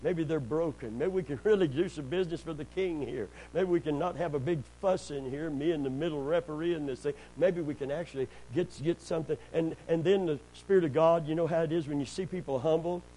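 A middle-aged pastor, preaching in a folksy storytelling way, sprinkling in amens and praise God, and rising loud and high when he gets worked up. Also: brisk, hardly any pauses, slight background noise, rough recording. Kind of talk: sermon.

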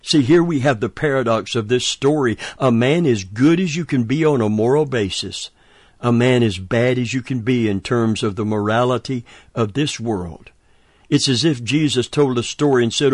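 A man's voice: mid-range voice, moderate pace, no echo, studio quality. A man preaching a sermon, emphatic and chuckling between points.

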